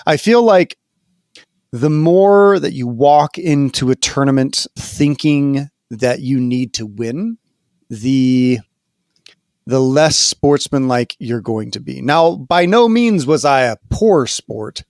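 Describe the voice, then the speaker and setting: A man co-hosting a casual gaming podcast, telling stories in an animated way with plenty of fillers and laughs. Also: mid-range voice, slow pace, dry recording, clean studio sound. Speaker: podcast co-host. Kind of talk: casual chat.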